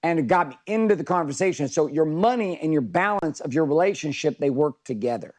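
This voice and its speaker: A man's voice: a little high, expressive, a little fast, a little mellow. A middle-aged man coaching a live virtual workshop, talking casually, with profanity and stories.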